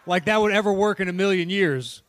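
A man's voice: high voice, fairly quick. A man from downstate Illinois co-hosting a podcast, chatting casually and joking, swearing freely and acting out quotes. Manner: animated, swears, acts out quotes. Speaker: podcast co-host. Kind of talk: casual comedic chat.

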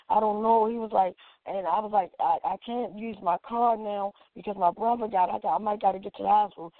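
In a dry, tinny recording that sounds like a phone, a woman with a mid-range voice talks a little fast as she casually tells a personal story. She animatedly acts out what the people in it said, saying "like" often.

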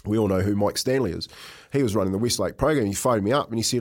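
A man's voice: on the low side, fast, darkish tone. A middle-aged man with a New Zealand accent, co-hosting a casual chat and telling a long story, rambling and saying "mate" a lot. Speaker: co-host.

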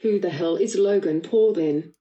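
A text-to-speech woman's voice with an Australian accent, giving a synthetic, flatly read prediction. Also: on the low side, normal speed, lo-fi sound. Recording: roomy and distant playback.

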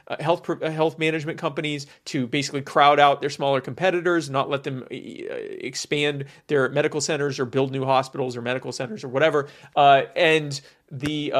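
Sarcastic man with a raised voice. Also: on the high side. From United States. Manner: sarcastic, emphatic, full of fillers. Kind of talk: opinionated monologue.

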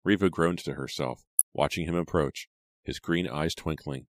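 A man narrating an audiobook in a measured, even storytelling manner. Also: rumbling low, no room sound, studio quality. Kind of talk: scripted narration.

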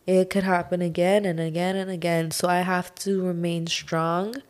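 A young woman hosting her own podcast, talking through a personal struggle in a slow, heartfelt monologue full of sighs and "like". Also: on the low side, little pitch movement, a little mellow, smooth. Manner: slow, sighing, heartfelt, says "like" often. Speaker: podcast host.

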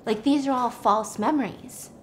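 A young woman casually retelling a story while cooking, chatty and animated, with lots of filler words. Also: a little high, moderate pace, a little hiss or hum. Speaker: storytelling vlogger.

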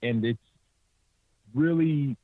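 A man's voice: slow, no echo. A young man from California telling hunting stories, acting out other people's lines in a raised voice and laughing often. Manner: animated, acts out quotes in a higher voice, laughs often. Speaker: podcast guest, hunter. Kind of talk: casual storytelling. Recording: tinny, dry remote call audio.

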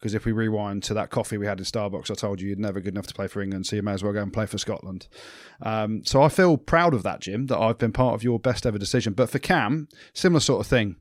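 A man's voice: on the low side, fast talker, few pauses, dry recording. Teasing man co-hosting, dry sound. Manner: teasing, leading banter. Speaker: podcast co-host. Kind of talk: casual podcast chat.

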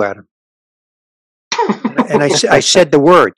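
Sixties male comic, lively storyteller who plays every part, slightly high voice, dry close mic. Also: moderate pace, pauses often, no room sound. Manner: animated storyteller acting out dialogue. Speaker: stand-up comedian guest. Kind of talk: casual storytelling chat.

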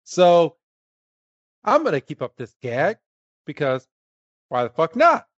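A man's voice: a little high, wildly swooping pitch, takes it slowly, no echo, highs cut off. A man hosting a casual podcast, joking around and laughing easily with his co-host. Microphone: remote call line.

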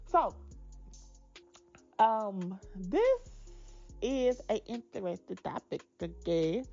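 Woman in her twenties, sassy and blunt, lively swinging pitch, gravelly fry, lo-fi sound with faint music. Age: 20s. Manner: animated, emphatic, drawn-out asides. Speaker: vlogger. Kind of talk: candid casual chat to viewers.

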